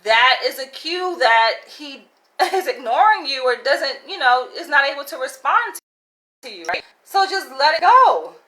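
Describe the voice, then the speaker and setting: A woman's voice: sits high, very animated, measured pace, sharp tone, low-quality recording. A woman vlogging casually, telling a story candidly with lots of "like" and "right?" asides and frequent laughs.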